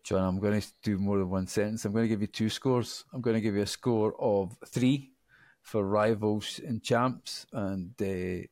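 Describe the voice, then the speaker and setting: A man's voice: on the low side, fairly even intonation, normal speed, darkish tone, dry recording, studio quality. A man co-hosting a casual podcast chat, easygoing and joking. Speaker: podcast co-host.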